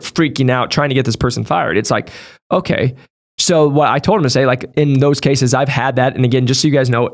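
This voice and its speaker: A man who trains medical device sales reps, giving casual, direct advice to viewers and talking them through situations from his own work. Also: mid-range voice. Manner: direct, conversational, talks through past situations.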